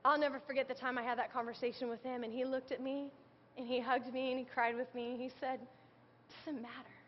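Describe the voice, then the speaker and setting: Female preacher in her thirties, high voice, earnest and chatty delivery, sermon recorded in a big echoing church with a muffled sound. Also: level tone, quick pace, a little hiss or hum. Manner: earnest, conversational preaching with scripture quotes. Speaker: speaker sharing testimony. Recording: dull sound with long hall reverb.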